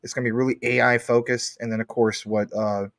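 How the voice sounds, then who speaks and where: A man's voice: medium pitch, little pitch movement, brisk, creaky, a bit bright, no echo, studio quality. A man hosting a casual livestream, upbeat as he reads viewer comments aloud. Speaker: livestream host.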